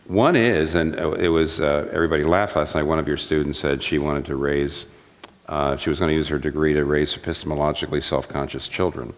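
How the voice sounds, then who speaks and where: A man's voice: rumbling low, steady tone, brisk. A man speaking earnestly on a theology panel, often restarting sentences and mimicking others for effect. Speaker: pastor and theologian on a discussion panel. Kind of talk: panel discussion. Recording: long hall reverb.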